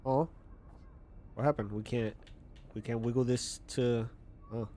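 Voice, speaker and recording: A man's voice: mid-range voice, fairly even intonation, unhurried, warm tone. A man casually commenting while playing a game in a small apartment at night, chatty and often stumbling as he reads text aloud. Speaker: gaming YouTuber. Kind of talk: casual let's-play commentary.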